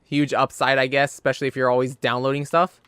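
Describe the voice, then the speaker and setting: Bright, crisp man swearing in casual chat. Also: mid-range voice, little pitch movement, fast, no room sound, clean studio sound. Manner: blunt and swearing, rising when worked up. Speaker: podcast co-host.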